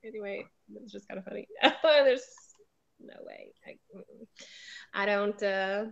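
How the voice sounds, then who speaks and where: A woman's voice: mid-range voice, unhurried, gravelly, a bit bright, lo-fi sound. A woman with a Southern US accent hosting an interview in casual chat, chatty and laughing often over a video call. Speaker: host.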